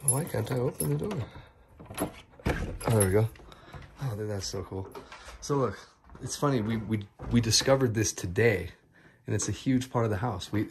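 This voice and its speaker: A man with a somewhat low voice leads viewers through a large rental house, chatty, excitable and a little out of breath. The recording carries a faint hiss of background noise. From United States. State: breathing heavily. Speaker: vlogger giving a house tour. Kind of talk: casual walk-through vlog.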